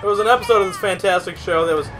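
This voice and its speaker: A man's voice: high-pitched, rapid-fire, over music. A young man co-hosting a gaming video, rambling through a profane, laughing story while he plays. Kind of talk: casual gameplay commentary.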